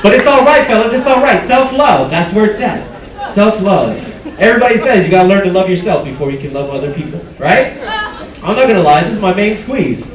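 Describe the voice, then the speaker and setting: A man's voice: high-pitched, fairly quick, far from the mic, lo-fi sound. A man doing a bold, crude stand-up set on a small club stage, with the audience laughing behind him. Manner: bold, crude, lively delivery with sung parody bits. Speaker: stand-up comedian. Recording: echoey club recorded from afar, loud crowd. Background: audience laughter and cheers.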